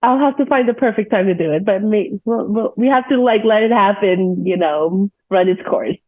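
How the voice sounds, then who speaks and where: A woman's voice: medium pitch, moderate pace. A woman co-hosting a casual podcast chat over a remote call, laid-back and laughing often. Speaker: podcast co-host. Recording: tinny call audio.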